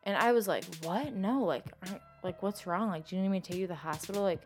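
A young woman telling her own story in casual chat, filling nearly every phrase with "like" and swinging between loud and hushed. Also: mid-range voice, fast talker, soft background music.

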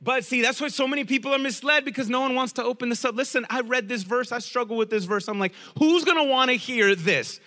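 A middle-aged man preaching a lively sermon as pastor, with joking asides and key phrases said again and again. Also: very high-pitched, fast, few pauses, big-room sound.

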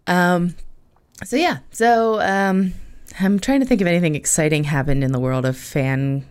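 Hoarse, low-voiced woman podcast host. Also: moderate pace, darkish tone. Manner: chatty, self-mocking, swears casually. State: hoarse from illness. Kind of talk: casual solo podcast chat.

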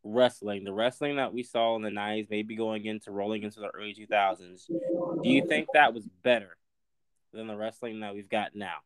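Smooth low-voiced male interviewer. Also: brisk, no echo. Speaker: podcast interviewer. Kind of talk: casual podcast interview.

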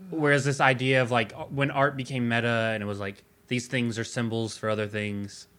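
A man's voice: medium pitch, flat delivery, moderate pace, fairly bright tone. A man co-hosting a casual music podcast, explaining ideas about art with lots of "like". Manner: analytical, heavy use of "like". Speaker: podcast co-host.

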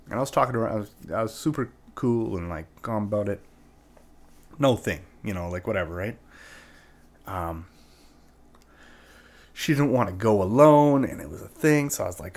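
A man with a lowish, expressive voice tells a personal story at a brisk pace. He rambles casually, swears often, and peppers his speech with "like" and "right?".

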